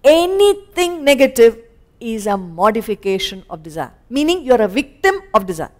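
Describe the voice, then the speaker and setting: A woman with an Indian English accent teaching scripture as a spiritual teacher, animated and acting out little scenes. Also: a little high, normal speed. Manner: animated, acts out little scenes in quoted voices. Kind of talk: lecture on scripture. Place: lecture hall.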